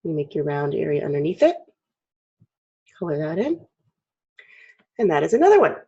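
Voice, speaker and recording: A woman with a frog in her throat, chatty and clearing her throat often as she teaches a casual drawing lesson. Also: deep voice, sing-song, normal speed, mellow. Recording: dull lo-fi recording.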